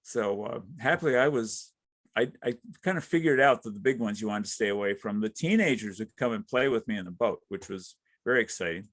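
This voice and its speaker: A middle-aged man, a wildlife artist, giving an informal talk about his career with many halting fillers. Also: on the low side, dry recording.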